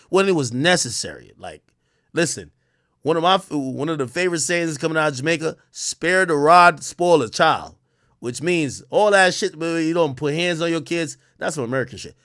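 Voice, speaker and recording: A man hosting a livestream, ranting in profane, animated commentary that swings from loud outbursts to low muttering. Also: fairly quick, no room sound, clean studio sound. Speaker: livestream host.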